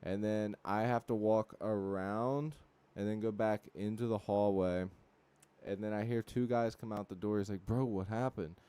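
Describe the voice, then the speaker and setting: A young man hosting a livestream, telling rambling, profane stories full of fillers and reacting to chat with loud disbelief. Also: fairly low pitch, fairly even intonation, normal speed, clean tone. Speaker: livestream host. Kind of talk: casual chat.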